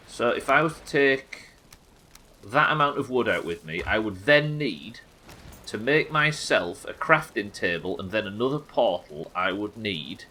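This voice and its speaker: A man's voice: fairly low pitch, bright, forceful tone, breathy edge, poor audio. A young man streaming a game live, chatting to viewers and thinking aloud as he plays, swearing freely. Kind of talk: live gameplay commentary.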